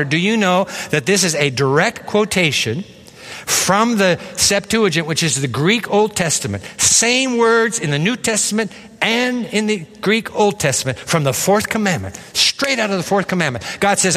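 A man's voice: on the high side, sing-song, normal speed, a bit bright. A male pastor delivering an emphatic sermon in a large church sanctuary, surging and dropping in intensity as he preaches. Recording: long hall reverb.

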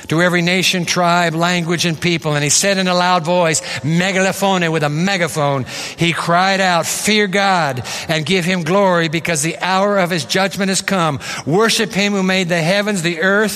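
A man preaching a sermon in a large church sanctuary, pressing his points with rising force and then dropping low. His voice sits a little high for a man. Long reverb from the hall trails every phrase. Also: a bit bright. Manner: emphatic, preaching with rising and falling intensity. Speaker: pastor.

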